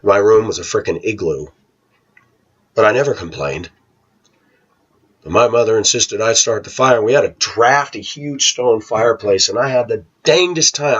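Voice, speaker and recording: Male vlogger, low husky voice, lively storytelling, dull lo-fi sound. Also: moderate pace. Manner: animated retelling, acting out voices. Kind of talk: casual storytelling monologue. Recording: dull lo-fi home recording.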